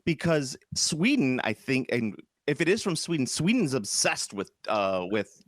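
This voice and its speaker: Casting note: male podcast co-host, mid-pitched, loose and rambly, dry close-miked sound. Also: big pitch swings, dry recording. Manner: rambling, halting with restarts and fillers. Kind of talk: casual chat.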